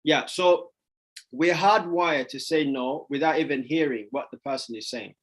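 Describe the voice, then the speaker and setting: A man with a fairly high voice talks through a sales question on a video call. He rambles, restarts and repeats words as he thinks aloud. At times his voice shoots up high as he acts out a parent yelling no. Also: normal speed, heavy background noise. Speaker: sales coach answering questions. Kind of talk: casual Q and A session.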